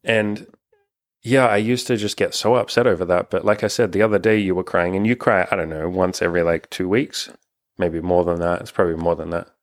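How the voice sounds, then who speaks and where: A man's voice: sits low, steady tone, fairly quick. A young man hosting a casual couple's chat, talking frankly and rambling, swearing often. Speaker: relationship coach and channel host.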